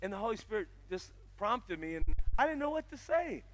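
A man preaching a sermon, telling stories and rising to loud, emphatic passages. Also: high-pitched, very animated, fairly quick. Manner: storytelling, swells loud and emphatic. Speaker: pastor.

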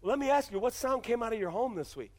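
A man's voice: very high-pitched, lively intonation, fast talker. A man pastor preaching a sermon in a church, emphatic and full of repeated rhetorical questions.

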